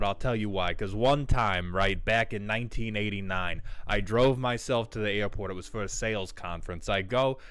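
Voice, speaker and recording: A man's voice: lowish voice, fairly bright tone, no echo. A man voicing an old male salesman who tells a long, rambling, boozy story in a folksy way. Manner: rambling, folksy anecdote-telling.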